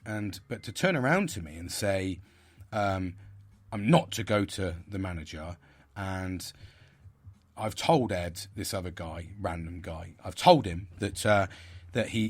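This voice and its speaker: A man's voice: low voice, husky. A man hosting a podcast, talking in a rambling, frustrated way with many restarts and fillers. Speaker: podcast host. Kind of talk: casual monologue.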